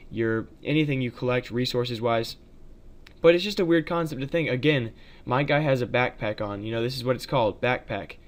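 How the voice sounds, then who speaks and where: Chatty man with a smooth voice. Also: medium pitch. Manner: chatty, addresses viewers as guys, many fillers. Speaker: gaming video creator. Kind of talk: casual gameplay commentary.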